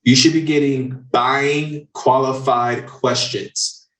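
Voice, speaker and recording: A man hosting a podcast in a casual, profane coaching chat, getting excited as he talks. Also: medium pitch, normal speed. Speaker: podcast host. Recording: roomy echo, distant from mic.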